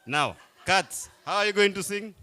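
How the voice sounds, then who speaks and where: A man's voice: sits high, moderate pace, sharp tone. A man, playfully coaxing a crowd as he leads a group icebreaker game at a live event. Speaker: workshop facilitator.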